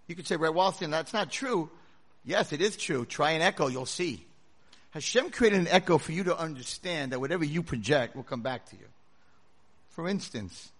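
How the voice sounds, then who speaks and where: In a lecture hall before an audience, a rabbi delivers a sermon, telling stories dramatically and swinging from a hush to full shouts. His male voice is a little high.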